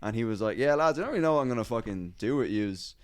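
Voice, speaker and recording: A man, a comedian and podcast host, telling a rowdy gig story in casual chat, swearing often and acting out shouting hecklers. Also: medium pitch, expressive, fast. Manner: swears freely, acts out hecklers.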